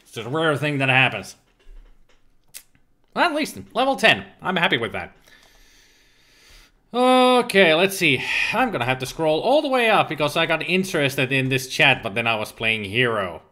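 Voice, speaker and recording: A man's voice: fairly high pitch, sing-song, normal speed, long pauses, pushed and bright. A man from Finland, a native Finnish speaker, chatting casually as a game streamer, reading viewer chat aloud and answering it with frequent laughs. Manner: laughs often, playful exclamations. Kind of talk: casual livestream chat while gaming.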